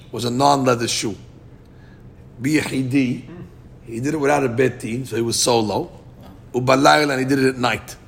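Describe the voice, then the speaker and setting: A man with a gravelly, creaky voice leads a Talmud study class. He explains in English, slows down to chant Aramaic quotes, and often restarts a phrase before finishing the point. A faint rumble runs under the recording. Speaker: Talmud teacher.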